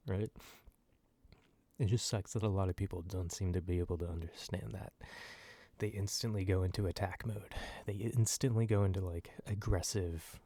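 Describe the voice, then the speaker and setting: Low, mellow soft-spoken man rambling. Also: steady tone, normal speed, dry recording. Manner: rambling rant, many fillers and swears, drops to near whispers. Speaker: ASMR channel host. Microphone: close ASMR microphone.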